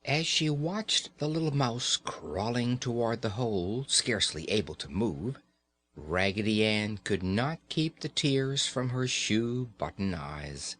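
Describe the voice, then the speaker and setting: A man reads a children's story at an unhurried pace, his pitch rising and falling a great deal as he tells it. His delivery is slow and very expressive.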